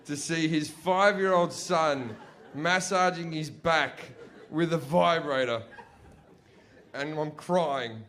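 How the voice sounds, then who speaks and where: A young man with a fairly high voice takes his time telling a profane stand-up story before a live audience. He's animated and acts out his family's voices, with a faint hiss or hum in the background.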